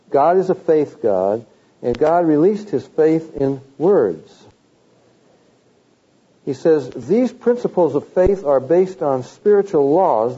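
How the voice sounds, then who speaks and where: Male preacher, very dark husky voice, muffled lo-fi sound. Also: on the high side. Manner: animated, mocking quotes of opponents, rising emphasis. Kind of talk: sermon.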